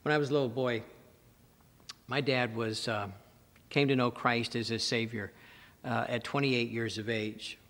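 A man's voice: medium pitch, fairly even intonation, a little slow, long pauses, a bit bright, big-room sound. A man preaching a sermon as a pastor, emphatic and repeating words for stress.

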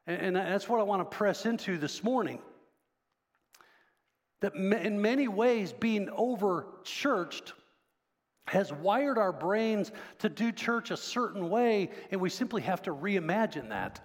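A man's voice: sits high, expressive, a little slow. Man, pastor, conversational sermon, long church reverb. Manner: conversational, asks the congregation questions. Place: church sanctuary.

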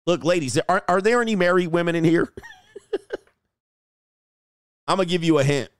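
Speaking at a moderate pace in a slightly high, clean voice, the coach runs his livestream commentary with crude, brash humor aimed straight at his chat. The studio sound is clean, with no echo.

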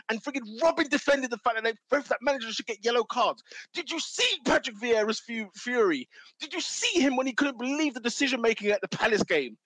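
A man's voice: very high voice, animated, fairly quick, a bit bright, dry recording. A man arguing about football, ranting and exasperated, repeating his points. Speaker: football pundit. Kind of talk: heated football argument.

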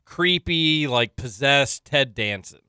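A man's voice: mid-range voice, expressive, takes it slowly, sharp tone, clean tone, no echo, studio quality. A man co-hosting a local radio show, telling stories in loose, chatty banter. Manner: chatty storyteller, filler-heavy.

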